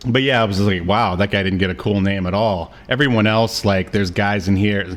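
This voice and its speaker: A man co-hosting a podcast in casual chat, rambling with lots of fillers and quick laughs. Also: on the low side. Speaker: podcast co-host.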